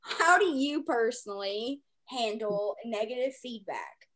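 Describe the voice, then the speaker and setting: A woman co-hosting a podcast, chatty and quick to laugh as she asks the questions. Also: fairly high pitch, expressive, a bit bright. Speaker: podcast co-host. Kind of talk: casual podcast chat.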